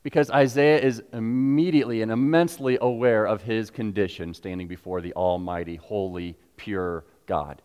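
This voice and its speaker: Animated male preacher in a reverberant church. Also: fairly low pitch, moderate pace, few pauses, clean tone. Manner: animated, acts out quotes, asks the congregation questions. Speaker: pastor. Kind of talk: sermon. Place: church sanctuary.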